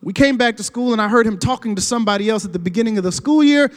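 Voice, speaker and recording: A man's voice: high-pitched, very fast. A man preaching a storytelling sermon, earnest and building to emphatic peaks. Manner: earnest, rising to emphatic outbursts. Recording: long hall reverb.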